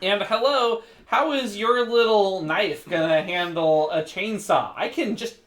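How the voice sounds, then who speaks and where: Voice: medium pitch, a little slow, fairly bright tone. A player trading playful trash talk over a card game, laughing often.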